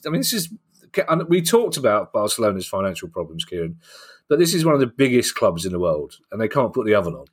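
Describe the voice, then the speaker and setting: A man's voice: on the low side, wildly swooping pitch, fast, husky. A man hosting a football podcast, chatty and easily amused as he runs through the stories. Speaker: podcast host. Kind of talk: casual football news chat.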